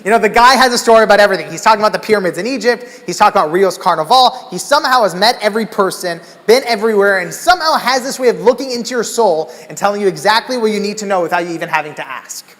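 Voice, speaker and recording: A man from Los Angeles telling an animated story in a keynote talk, acting out the people in it. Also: high voice, racing, hardly any pauses. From Los Angeles, USA. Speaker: keynote speaker. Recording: echoey conference hall.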